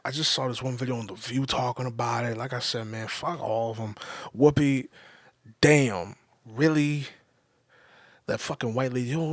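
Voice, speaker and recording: A man's voice: medium pitch, fairly bright tone, no room sound. A man hosting his own podcast, delivering a casual, profane, heated commentary with emphatic repetition. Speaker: podcast host.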